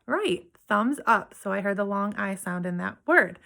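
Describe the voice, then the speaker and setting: Woman, phonics teacher for young kids, patient and encouraging, mid-pitched with a bright edge. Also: animated, vocal fry. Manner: patient, sounding out words slowly. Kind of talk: remote phonics lesson for young children. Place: home, downstairs room.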